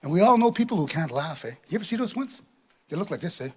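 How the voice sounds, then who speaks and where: Male stand-up, raised husky voice, very animated, storytelling with lots of "eh?" tags. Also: high voice, quick pace. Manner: animated, tag questions with "eh", acts out laughs. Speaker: comedian. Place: live performance venue.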